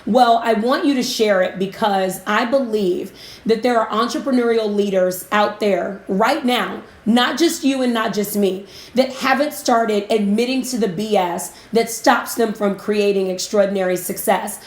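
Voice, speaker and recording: A woman coaching business owners on a live broadcast, chatty and emotional, giving shout-outs to viewers. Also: mid-range voice, measured pace. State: emotional, near tears. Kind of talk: casual live-stream talk. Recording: roomy echo.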